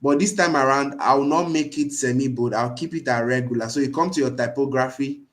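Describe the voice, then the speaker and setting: Guy walking students through a design app, earnest, keeps asking if they get it, mid pitch. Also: fairly quick. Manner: earnest, keeps checking in with "right?" and "you understand?". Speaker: design instructor. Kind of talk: live screen-share tutorial.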